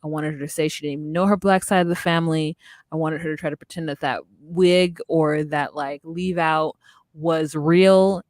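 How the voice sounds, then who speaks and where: A woman co-hosting a podcast in casual chat, recapping a reality show with sassy, animated storytelling. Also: low-pitched, no echo, studio quality. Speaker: podcast co-host.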